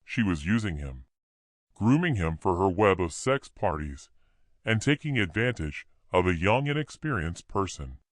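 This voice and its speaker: A man narrating a horror audiobook in a plain, steady storytelling voice. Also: deep voice, normal speed, no room sound, studio quality.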